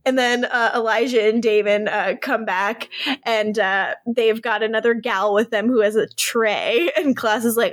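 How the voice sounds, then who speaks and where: A woman co-hosting a casual chat, retelling scenes in a lively, giggly way and acting out the characters' lines. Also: on the high side, normal speed, no room sound, clean studio sound. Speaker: podcast co-host recapping a TV episode.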